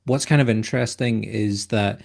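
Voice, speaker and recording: Podcast host, man, lowish voice, long wandering questions. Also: normal speed, creaky, a little mellow. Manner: long rambling questions with fillers. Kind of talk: casual interview questions.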